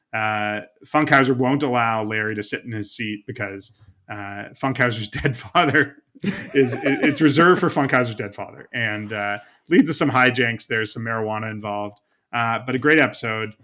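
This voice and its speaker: A man's voice: medium pitch, sharp tone. A man co-hosting a sports podcast, chatting casually and recapping TV episodes. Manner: conversational, recaps episodes with light laughs. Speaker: podcast co-host. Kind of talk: casual chat.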